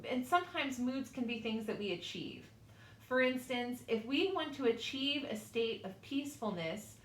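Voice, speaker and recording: A woman's voice: fairly high pitch, fairly bright tone. Chatty woman teaching in an echoey studio. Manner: informal and personal, with fillers and asides. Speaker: instructor. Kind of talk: online class lecture. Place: small studio.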